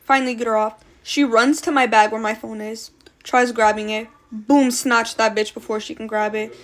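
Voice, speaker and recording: Casting note: woman with a higher-pitched voice, casual storytime vlogger, blunt and slangy, swears a lot. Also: fairly even intonation, moderate pace. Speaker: storytime creator.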